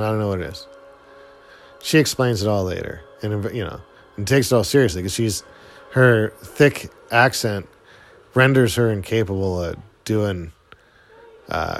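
Rambling middle-aged man, casual commentary. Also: medium pitch. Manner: rambling, lots of fillers, chuckles often. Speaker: film commentator.

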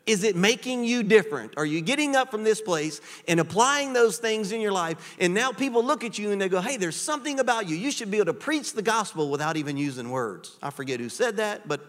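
A man preaching a sermon as pastor, animated and conversational, with frequent rhetorical questions to the congregation. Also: high voice, brisk, hardly any pauses. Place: church sanctuary. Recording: church hall with long reverb.

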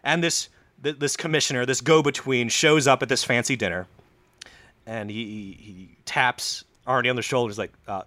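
A man casually telling a comic story on a podcast, acting out the people in it with loud, high put-on voices. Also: fairly even intonation, moderate pace, no room sound.

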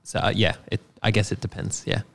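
A man with a low, gravelly voice chats loosely about software work. He explains in a laid-back way, full of fillers and offhand swearing. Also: level tone, fairly quick. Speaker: software developer. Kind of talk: casual chat.

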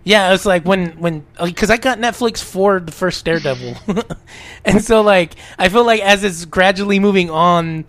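A man co-hosting a casual podcast, rambling and animated with plenty of fillers. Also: high voice, moderate pace. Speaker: podcast co-host.

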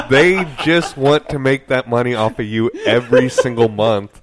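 A man's voice: medium pitch, moderate pace, a loud crowd. A man co-hosting a casual podcast, rambling with lots of filler words. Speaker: podcast co-host. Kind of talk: casual chat.

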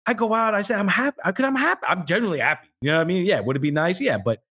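A man on a podcast talking bluntly about his own life, swearing casually. His voice is fairly high for a man and swings widely. He speaks fast and with animation. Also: animated, sharp tone, slightly rough. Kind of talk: casual group chat.

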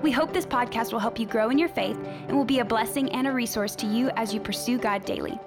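A woman reading a smooth, polished scripted podcast introduction. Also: fairly high pitch, fast talker, over music. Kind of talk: scripted announcement.

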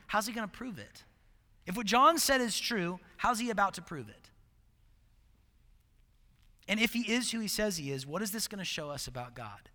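A man preaching a sermon in a conversational, animated way, swinging between loud emphasis and hushed asides. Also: sits high, long reverb tail.

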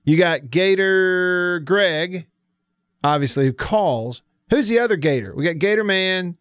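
Chatty Southern radio host, higher voice. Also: male voice, lively intonation, measured pace, fairly bright tone, clear, resonant tone, no room sound. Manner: chatty, folksy, reads listener texts aloud. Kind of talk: casual sports talk radio. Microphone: studio mic. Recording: dry studio sound.

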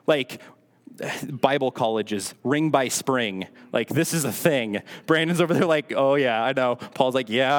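Young man, casual sermon, dry sarcastic asides, average pitch. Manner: sarcastic, self-deprecating asides. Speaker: preacher.

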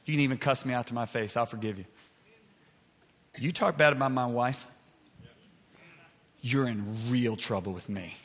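A middle-aged man preaching a sermon to a live crowd, swinging between loud shouted points and soft, confiding asides. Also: medium pitch, moderate pace, long pauses, slightly rough. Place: large hall with an audience. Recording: long hall reverb.

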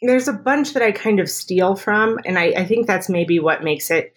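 A woman speech therapist talking through her methods in a podcast interview, chatty and full of quick examples. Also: mid-range voice, expressive.

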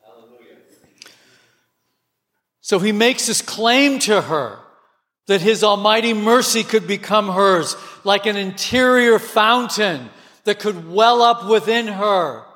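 Man preaching slow n high pitched, gets fired up, big echoey hall. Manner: passionate, rising to near shouts. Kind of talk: sermon. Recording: long hall reverb.

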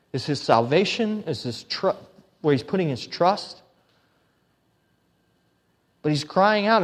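A man preaching from the pulpit, his voice sitting a little high for a man. He moves between earnest, pleading scripture reading and casual asides to the congregation. The sound carries a long, ringing reverb from the church hall. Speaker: pastor. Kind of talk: sermon.

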